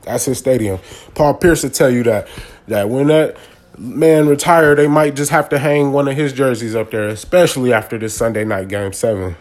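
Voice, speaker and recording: A man's voice: mid-range voice, moderate pace, darkish tone. Guy with ranting about the game, slangy and worked up, mid voice. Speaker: sports commentator. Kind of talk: casual sports rant.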